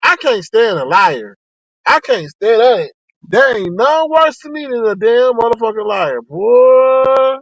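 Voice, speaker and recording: A man giving sassy, animated live-stream commentary to his chat. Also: unhurried, no room sound, lo-fi sound. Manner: sassy and animated, with sharp pitch swings.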